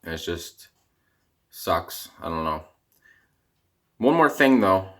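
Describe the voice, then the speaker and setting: Young Canadian man, low-ish voice, dejected rambling vlog rant, voice cracking, slightly off-mic. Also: expressive, slow pace, fairly bright tone. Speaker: vlogger, hockey fan.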